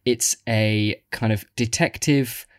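İngiliz aksanlı, kuru sesli erkek podcast sunucusu. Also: male voice, medium pitch, fairly even intonation, takes it slowly, no room sound, studio quality. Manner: rambling, many restarts and fillers. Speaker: podcast co-host. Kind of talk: casual chat.

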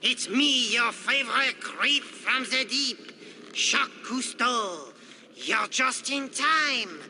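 A shrill cackling ghoul with a fake French accent. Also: male voice, expressive, slow, bright, forceful tone, slight background noise, full character voice. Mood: hammy. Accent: put-on French. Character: ghoulish male Crypt Keeper in scuba gear, punning.

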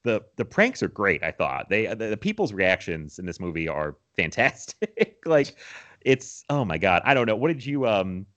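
Low-voiced man in rambling movie chat. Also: very animated, normal speed, fairly bright tone. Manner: laughs often, rambling with restarts. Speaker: podcast co-host.

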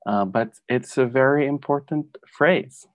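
A man's voice: medium pitch, unhurried, no echo, lo-fi sound. A man, casually explaining phrases with frequent giggles. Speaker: guest teaching Filipino phrases. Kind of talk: casual chat.

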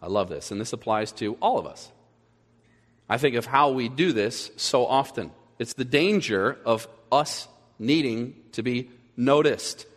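A man preaching a sermon as pastor, animated, acting out little scenes in other voices as he goes. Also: mid-range voice, a little slow. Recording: echoey hall with long reverb.

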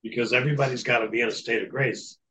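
A male interview guest recounts his exorcism experience in a long story, earnest and matter-of-fact. His voice is medium-pitched, a bit bright, fairly even in intonation and rapid-fire. The recording is rough.

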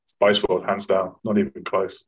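A man's voice: deep voice, level tone, moderate pace, slightly rough. A man co-hosting a podcast, teasing his friends in casual banter. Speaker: podcast co-host. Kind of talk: casual chat.

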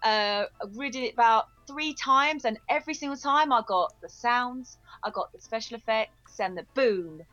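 A woman's voice: on the high side, normal speed, few pauses, fairly bright tone, lo-fi sound, faint music behind. A woman co-hosting a podcast, chatting casually and laughing often. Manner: giggly, chatty. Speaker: podcast co-host. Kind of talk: casual chat.

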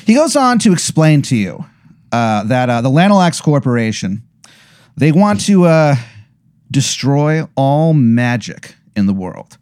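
A man's voice: mid-range voice, big pitch swings, measured pace, a little mellow, no echo, studio quality. A young man telling a long comedic hypothetical, rambling and profane, with many fillers. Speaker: podcast co-host. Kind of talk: comedic storytelling.

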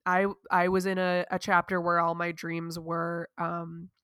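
Woman, lowish smooth voice, dry close sound, reflective storyteller in casual chat. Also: completely flat delivery, unhurried, no room sound. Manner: reflective, storytelling, soft-spoken. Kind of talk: casual conversation about grief.

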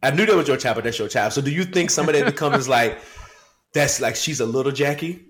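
A man's voice: mid-range voice, quick pace, a bit bright. A man co-hosting a podcast, chatting casually and acting out his kids and himself with laughter. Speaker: podcast co-host. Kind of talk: casual chat.

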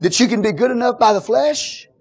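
A male pastor preaching a sermon in a church, impassioned and often shouting, with questions called out to the congregation. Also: extremely high pitch, brisk, husky.

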